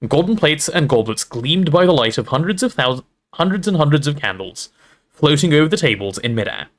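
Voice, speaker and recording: Man reading a storybook aloud, expressive. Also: a little high, fairly quick. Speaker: streamer reading aloud to chat.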